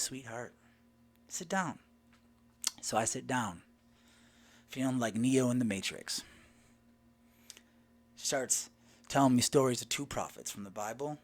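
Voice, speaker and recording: A man telling a personal story in a lively way, retelling the dialogue line by line. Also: medium pitch. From Southern United States. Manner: animated, retells dialogue with "I go" and "she goes".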